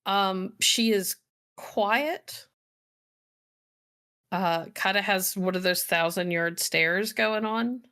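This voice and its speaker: A woman narrating a tabletop role-playing game as storyteller, in a relaxed, filler-heavy way. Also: mid-range voice, takes it slowly, long pauses, clear, resonant tone.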